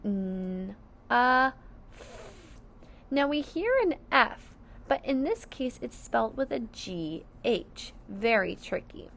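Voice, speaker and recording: A woman's voice: on the high side, very animated, measured pace, gravelly. A woman teaching a phonics lesson to young children, sounding out each word syllable by syllable with careful enunciation.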